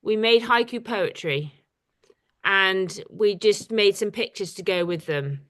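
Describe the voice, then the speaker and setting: A woman artist speaks slowly at medium pitch, her voice a bit bright, while leading a relaxed poetry workshop on a video call. She chats hesitantly, with frequent ums.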